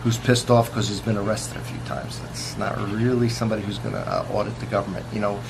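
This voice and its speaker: A police officer talking casually to the camera in a boastful, contemptuous way. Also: male voice, lowish voice, steady tone, fast, vocal fry. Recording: noisy recording.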